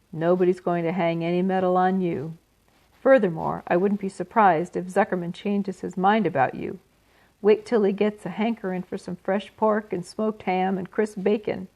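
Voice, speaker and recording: A woman voicing a gluttonous male barn rat with a husky, hoarse voice, loud and slow drawling. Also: fairly low pitch.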